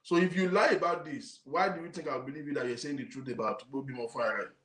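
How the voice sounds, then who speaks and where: A man's voice: medium pitch, quick pace, fairly bright tone. A man with a Nigerian accent hosting his own talk show, ranting emphatically to viewers and repeating his points. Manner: emphatic, indignant, repeats himself, mixes in Yoruba. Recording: roomy echo.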